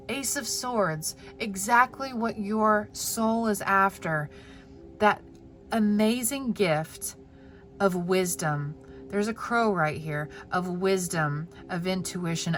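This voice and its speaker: A woman giving a pick-a-card tarot reading in a gentle, heartfelt way. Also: on the low side, takes it slowly, soft background music. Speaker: tarot reader.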